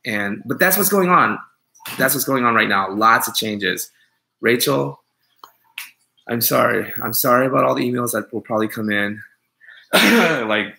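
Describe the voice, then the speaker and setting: A young man chats on a live stream, reading out comments and answering them with rambling, sarcastic jokes. His voice is bright and forward, with a gravelly edge. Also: medium pitch, expressive, measured pace, pauses often, rough recording. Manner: joking, sarcastic, rambling, with mock-offended asides. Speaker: groomer hosting a live stream.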